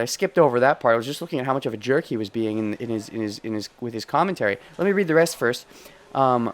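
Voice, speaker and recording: A man's voice: mid-range voice, lively intonation, quick pace. A man streaming a game, chatting in a rambling, self-correcting way and reading story text aloud. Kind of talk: casual let's play commentary.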